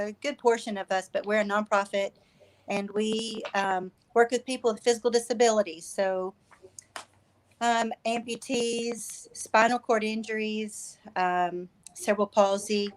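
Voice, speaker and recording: A woman speaking as a guest for a nonprofit on a video call, friendly and enthusiastic. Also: on the high side. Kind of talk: casual guest talk.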